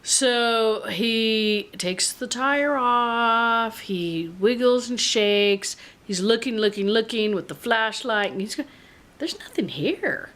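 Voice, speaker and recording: Young woman, vlogger, rambling and excitable storyteller, casual to camera. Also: on the high side, takes it slowly, hardly any pauses. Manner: rambling, excitable, animated retelling with laughs. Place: in a car.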